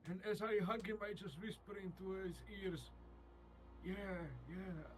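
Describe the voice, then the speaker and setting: High-voiced, sarcastic profane player. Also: male voice, steady tone, a little fast, a little hiss or hum. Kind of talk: playing a tabletop game.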